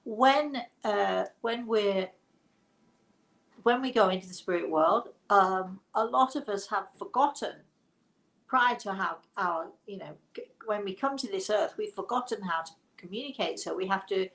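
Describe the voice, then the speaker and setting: A woman's voice: mid-range voice, lively intonation, measured pace, vocal fry, a bit bright, low-quality recording. A woman hosting a live stream as a psychic medium, chatting casually and rambling with frequent laughs and restarts. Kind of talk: casual live webinar chat.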